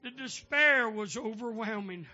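A male preacher delivering a sermon, calling out to the congregation for amens and building up to shouting. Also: high voice, a little slow, faint music behind. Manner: call-and-response, building to shouting. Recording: dull lo-fi sound.

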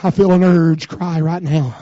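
A man preaching a revival sermon, swinging from low murmurs to shouted cries. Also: steady tone, measured pace, no room sound. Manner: fervent, breaking into shouted cries, then dropping low. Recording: dull, dry recording.

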